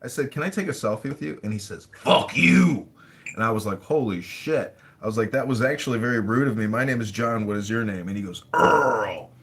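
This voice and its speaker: A man's voice: fairly low pitch, fast talker, few pauses, a bit bright. A man chatting casually as a guest in an online audio room, telling rambling anecdotes. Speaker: guest, political candidate.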